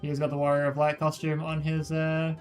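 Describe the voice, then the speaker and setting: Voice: mid-range voice, completely flat delivery, fairly quick. A streamer giving casual, chatty commentary over a game, laughing, swearing and reading game text aloud. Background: game music.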